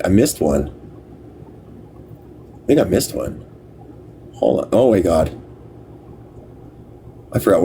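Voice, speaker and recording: A man hosts a livestream and reads a book aloud. He stumbles over words, stops to work them out, and talks offhand to viewers. His voice sits at a middle pitch, with a faint noise behind him. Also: warm tone. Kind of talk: casual live reading with chat asides.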